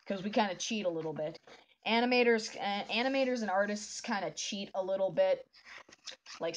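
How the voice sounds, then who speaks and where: A woman's voice: on the low side, a little hiss or hum. A woman chatting casually while drawing a comic, rambling and often restarting her sentences. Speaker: artist drawing a fan comic.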